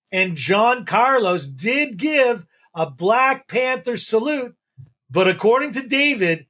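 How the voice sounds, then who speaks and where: A man's voice: high voice, pushed and bright. A man hosting a sports talk show, explaining the topic and handing the floor to his co-host. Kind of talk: hosting a talk show, history-minded commentary.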